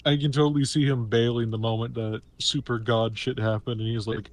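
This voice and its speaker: A man's voice: medium pitch, fairly even intonation, brisk, hardly any pauses. A man playing a tabletop game with friends, talking hesitantly with frequent restarts. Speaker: player. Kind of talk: casual tabletop game chat.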